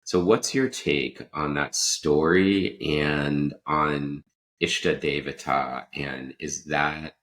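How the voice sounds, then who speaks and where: A man's voice: very deep voice, slow pace, fairly bright tone. A man hosting a podcast, telling a personal story in a rambling, casual way, often breaking off mid-sentence and laughing. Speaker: podcast host.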